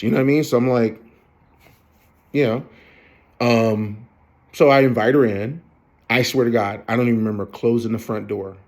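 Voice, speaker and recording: A man of fifty telling a long personal story to the camera, rambling and profane, with many fillers and restarts. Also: fairly low pitch. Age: 50s. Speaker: vlogger.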